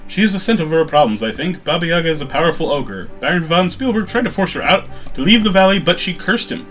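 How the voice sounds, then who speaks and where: A man's voice: fairly high pitch, animated, fast, fairly bright tone, soft background music, voice pushed up. A man reading as a sleepy old guildmaster. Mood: rambling. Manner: reads a game character's lines aloud, near his own voice. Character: old drowsy male adventurers' guildmaster, chatty.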